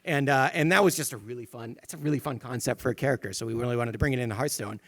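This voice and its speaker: A man who designs games, explaining a character on a convention panel in a brisk way. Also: medium pitch. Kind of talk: casual panel chat.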